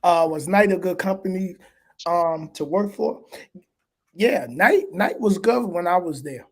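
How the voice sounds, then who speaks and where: A man hosting a casual livestream as a trucker, talking in a relaxed, slangy way and reading viewer questions aloud. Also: high-pitched, a little slow, breathy edge. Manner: laid-back, slangy, laughs often.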